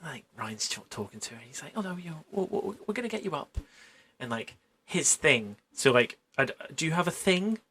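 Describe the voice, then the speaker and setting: A man, a paramedic, telling work stories in casual chat, animated and laughing, with the odd swear word. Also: fairly high pitch, brisk, slightly rough. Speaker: paramedic guest.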